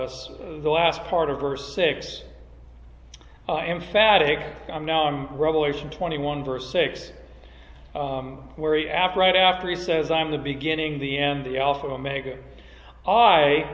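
Male pastor, sermon delivery, emphatic, fairly high voice, echoey hall. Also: a bit bright. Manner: emphatic preaching with rhetorical questions. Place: church sanctuary.

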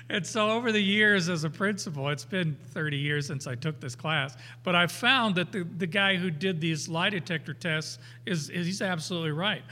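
An older man teaching through a Bible passage in a folksy, unhurried way, slowing down to read the verses emphatically. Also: sits high, pushed and bright. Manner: folksy, unhurried, with anecdotes and chuckles; emphatic when reading scripture aloud. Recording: hall reverb.

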